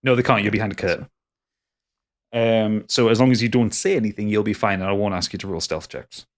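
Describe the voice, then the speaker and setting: A man's voice: lowish voice, a little fast. Man narrating a tabletop game. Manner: casual and playful, stumbles and repeats words. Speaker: game master.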